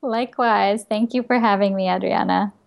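A woman guest on a podcast, relaxed and friendly, explaining how to reach her. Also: mid-range voice, moderate pace, creaky. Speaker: guest expert. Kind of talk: casual interview chat.

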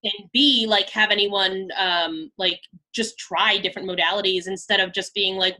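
A woman's voice: mid-range voice, fairly even intonation, moderate pace, hardly any pauses, pushed and bright. A woman in her thirties, a podcast guest chatting casually and filling her talk with "like" and "you know". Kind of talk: casual interview chat.

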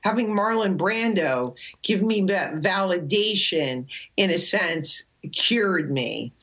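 A middle-aged woman, an interview guest, telling stories in an animated, chatty way and slipping into quick impressions. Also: lowish voice. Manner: animated anecdotal storytelling with impressions. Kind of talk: storytelling chat.

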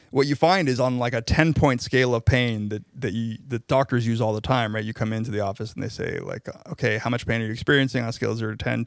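A man's voice: mid-range voice, vocal fry, no echo, clean studio sound. A man co-hosting a podcast, explaining social psychology research in casual academic chat, with frequent "like"s and restarts.

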